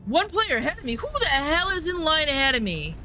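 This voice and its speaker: Girl rambling over her game, sharp voice pitched a little high, swears constantly, casual chat. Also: very animated, fairly quick, slight background noise. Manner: chatty, profane, rambling asides. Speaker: game streamer. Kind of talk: casual gameplay commentary.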